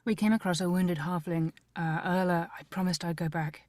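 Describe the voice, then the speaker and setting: A woman's voice: lowish voice, flat delivery, normal speed, darkish tone, dry recording, studio quality. A woman playing in a tabletop game, speaking urgently and eagerly in character. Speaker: player. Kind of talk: tabletop role-play.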